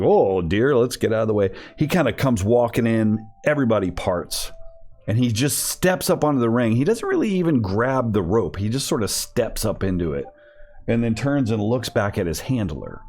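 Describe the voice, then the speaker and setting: A man's voice: medium pitch, very animated, moderate pace, darkish tone. A man running a tabletop game over an online call, narrating casually with many fillers and restarts. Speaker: game master.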